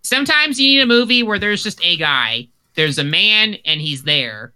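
A man in casual chat with friends, opinionated and animated, often repeating words as he starts a sentence. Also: high-pitched, moderate pace, clear, resonant tone.

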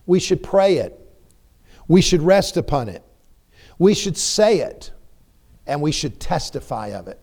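A man preaches slowly and deliberately in a church service. His voice sits a little higher than most men's. He drives his points home with repeated phrases and pointed rhetorical questions, swelling and dropping in intensity. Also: big pitch swings, a little mellow. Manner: emphatic, repetitive rhetorical questions, rising and falling intensity. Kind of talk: sermon. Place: church sanctuary.

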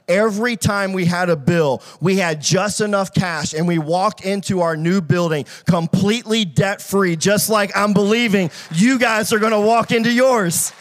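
A man, a pastor, preaching a sermon and telling humorous stories, calling out to his audience and talking fast with many restarts. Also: high-pitched. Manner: humorous storytelling with audience call-outs; fast, filler-heavy delivery with frequent restarts.

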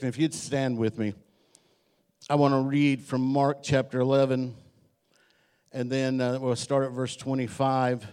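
A man's voice: medium pitch, darkish tone, clean tone. A middle-aged man preaching a sermon as pastor in a church, joking and telling stories while acting out the voices he quotes.

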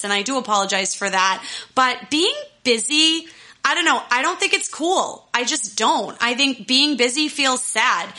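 A young adult woman life coach, her voice a little high and sharp, talks casually and solo to her listeners. She gives advice in a candid, fired-up way, swearing freely.

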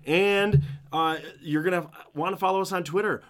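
A man's voice: high-pitched, fairly even intonation, moderate pace. A man co-hosting a casual podcast, upbeat and chatty, running through plugs and promos with plenty of fillers. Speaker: podcast co-host.

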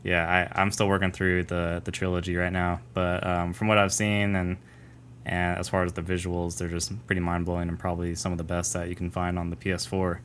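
Deep, flat-voiced man, measured and thoughtful. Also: slight background noise. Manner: measured, thoughtful, many ums. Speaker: podcast co-host. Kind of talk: casual gaming podcast chat.

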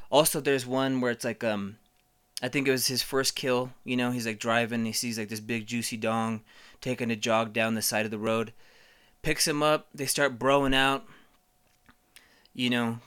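Brief: man, bright forceful voice, rambling crude comic storyteller, swears freely. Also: medium pitch, clean tone. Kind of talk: casual comedic storytelling.

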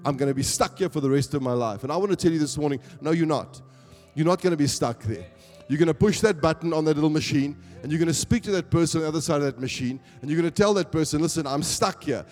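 A pastor with a South African accent preaches to a church congregation, building to emphatic calls for agreement. His voice is on the high side, fast and darkish in tone. Long church hall reverb and faint music fill the recording.

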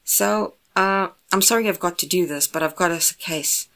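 Woman reading younger brother on the phone, fast and raised, keyed up. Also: on the low side, fairly bright tone, pitched above the performer's own voice. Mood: urgent.

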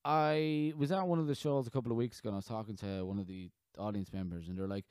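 A man in his thirties hosting a podcast in casual chat, rambling and halting with frequent restarts. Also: on the low side, fairly even intonation, darkish tone, clean tone, no echo. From Ireland. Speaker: podcast host.

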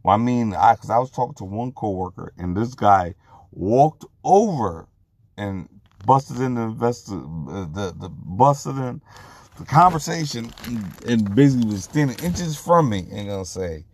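A man giving a personal testimony in unscripted talk, earnest and halting, often restarting and repeating words. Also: on the low side, expressive, gravelly, breathy edge.

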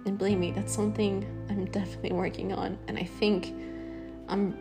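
A woman's voice: medium pitch, normal speed, over music. Earnest young woman podcast host. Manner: earnest, rambling, with frequent ums and laughs. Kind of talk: casual solo podcast talk.

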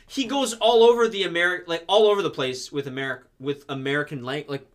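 A young man co-hosting a casual podcast chat, animated and emphatic, with lots of "like". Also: fairly high pitch, fast. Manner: animated, emphatic, heavy use of "like". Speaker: podcast co-host.

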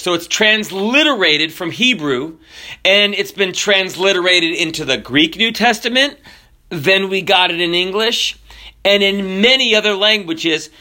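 A man preaching a sermon with jokes and animated storytelling. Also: high voice. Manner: animated, jokey storytelling with drawn-out emphasis.

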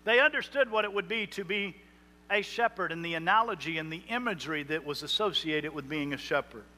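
A male pastor preaching a sermon, emphatic, with slow dramatic pauses on key words. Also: on the high side, pushed and bright. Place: church sanctuary. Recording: reverberant hall.

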